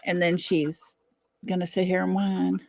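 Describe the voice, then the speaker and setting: Slow-talking middle-aged woman chatting live from home. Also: fairly low pitch, flat delivery, creaky, darkish tone, no echo. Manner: chatty, laughs often, fusses over her dog. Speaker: livestream host. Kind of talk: casual livestream chat. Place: at home, indoors.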